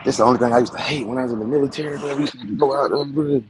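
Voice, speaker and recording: A man in his forties, a show host, casually telling stories to his viewers in an animated, slangy way. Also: mid-range voice, rapid-fire, background noise. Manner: animated, slangy, talks straight to his audience.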